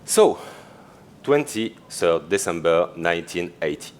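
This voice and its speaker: A man with a French accent giving a conference talk on stage, chatty and quick to laugh, with lots of fillers. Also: sits low, lively intonation. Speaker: conference speaker.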